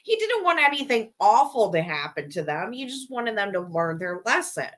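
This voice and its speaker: A woman's voice: mid-range voice, sing-song, moderate pace, a bit bright. A woman hosting a casual podcast, telling stories about growing up in a rambling, chatty way with some swearing. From small town. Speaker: podcast host.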